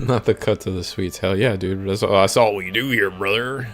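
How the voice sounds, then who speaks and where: A man's voice: on the low side, normal speed, a bit bright, faint music behind. A young man hosting a stream, giving casual, rambling live commentary on a card game and chatting with viewers in slang. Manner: rambling and slangy, talks to chat.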